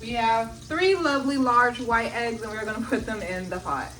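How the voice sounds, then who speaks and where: A woman's voice: fairly high pitch, moderate pace. Chatty young woman, far from the mic. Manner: chatty, profane, jokey self-narration. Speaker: vlogger. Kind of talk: casual cooking vlog. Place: home kitchen. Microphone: phone on a charger, away from the stove.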